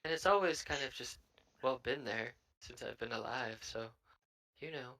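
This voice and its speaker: Laid-back man with a bright voice. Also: medium pitch, normal speed, rough recording. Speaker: player. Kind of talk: tabletop role-play in character.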